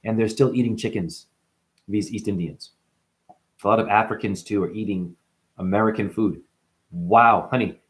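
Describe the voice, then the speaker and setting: A man talking straight to the camera as a self-styled spiritual guru, boastful and rambling, jumping from loud outbursts to muttered asides. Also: on the low side, fairly even intonation, normal speed, pauses often.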